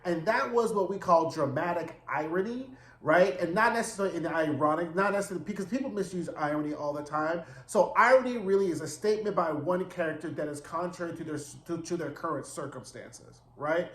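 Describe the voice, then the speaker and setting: Man, high voice, casual recap host, dramatic chatty delivery, roomy echo. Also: a little fast, hardly any pauses, fairly bright tone. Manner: chatty, dramatic retelling with frequent "right?" and swearing.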